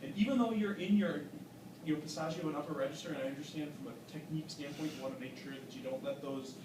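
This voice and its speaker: Man, fairly high voice, coaching a singer in a masterclass; echoey, distant mic with audible background noise. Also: fast talker. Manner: encouraging, explanatory, with frequent "um"s. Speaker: vocal adjudicator. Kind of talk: masterclass critique.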